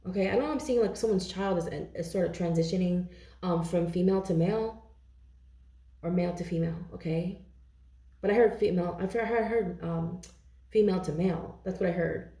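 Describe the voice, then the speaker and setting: A woman reads tarot in a loose, chatty way, her voice low-toned and mellow with a gravelly edge. She keeps checking in with her listeners as she talks. The sound has a roomy echo around it. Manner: chatty, intuitive, frequent "okay?" check-ins. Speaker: tarot reader. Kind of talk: casual tarot reading to camera.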